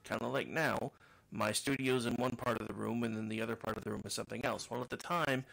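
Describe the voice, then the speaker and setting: A middle-aged man with a deep gravel and fry running through his voice, speaking in a practiced radio delivery. He rambles through a casual podcast monologue, restarting sentences and poking fun at himself. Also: fairly even intonation, fast talker, fairly bright tone. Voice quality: trained radio voice. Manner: rambling, self-mocking storyteller with frequent restarts. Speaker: podcast host.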